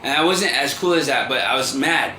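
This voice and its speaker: Bright-voiced man in his thirties, rambling. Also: medium pitch. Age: 30s. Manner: rambling, halting, with many restarts and fillers. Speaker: vlogger. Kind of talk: confessional monologue to camera. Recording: roomy echo with faint ambient noise.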